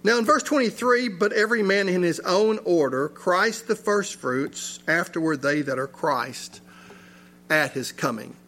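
A man's voice: sits high, lively intonation, unhurried, a bit bright. A man preaching a sermon in a church, reading scripture and asking his listeners rhetorical questions with rising emphasis. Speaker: pastor.

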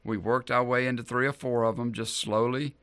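A man's voice: medium pitch, fairly even intonation, fairly quick, fairly bright tone, clean tone, no echo. A man preaching a sermon as a pastor in an easygoing, conversational way, repeating key lines for emphasis.

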